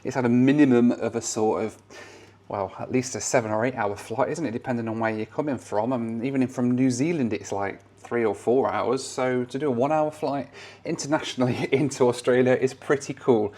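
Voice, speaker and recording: A man's voice: mid-range voice, brisk, darkish tone. A man in his thirties, casually vlogging his travels to the camera in a chatty, upbeat way.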